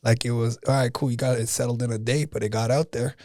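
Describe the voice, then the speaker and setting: A man's voice: mid-range voice, steady tone, quick pace, darkish tone, dry recording, studio quality. A man co-hosting a podcast in casual chat, easygoing and stammering into his points. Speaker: podcast co-host.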